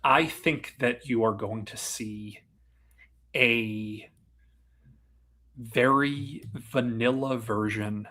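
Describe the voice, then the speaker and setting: A man reporting on football in a relaxed podcast chat, his voice a little husky. He mixes his analysis with dry, self-mocking jokes. His pitch sits in an ordinary middle range. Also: very slow, long pauses. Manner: dry, jokey, self-deprecating. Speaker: sports reporter co-host. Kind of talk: casual sports chat.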